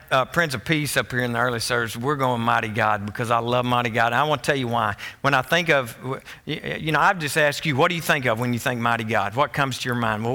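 A man preaching a sermon, emphatic and animated, often restarting his words as he builds to excited peaks. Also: medium pitch. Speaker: pastor.

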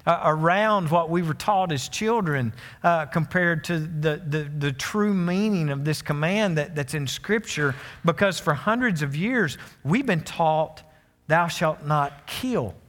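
A pastor preaching to his church in a folksy, storytelling way. He often restarts his sentences and turns to the congregation with asides. His man's voice sits a little high and carries a long church reverb. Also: a little slow, hardly any pauses, a bit bright. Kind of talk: sermon. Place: church sanctuary.

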